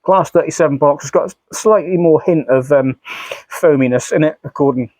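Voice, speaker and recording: A man's voice: fairly high pitch, brisk, a little mellow, no echo. A man, a model railway YouTuber, chatting casually in a rambling, self-mocking way with frequent sighs. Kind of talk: casual vlog chat.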